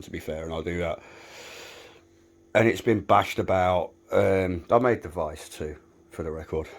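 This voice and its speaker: A man with a British accent giving a chatty, self-mocking tour of his small garage workshop. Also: sits low. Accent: British English. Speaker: woodworking maker giving a shop tour. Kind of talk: casual vlog walkthrough.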